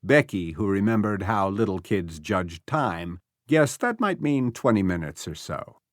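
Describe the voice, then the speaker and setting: A man narrating an audiobook thriller in a measured, expressive storytelling manner, recorded close on a studio mic. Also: lowish voice, dry recording. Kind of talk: scripted narration.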